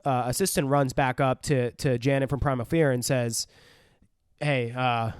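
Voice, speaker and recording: A man's voice: mid-range voice, steady tone, normal speed, darkish tone, smooth, no echo, studio quality. A young man co-hosting a podcast, retelling a film in a rambling, profane way and laughing often. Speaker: podcast co-host. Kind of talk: casual film review chat.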